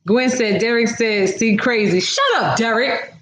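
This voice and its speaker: A woman's voice: on the high side, unhurried, a bit bright, echoey room. A woman hosting a casual livestream, reading viewer comments aloud and talking back to her audience with a sassy, laughing manner.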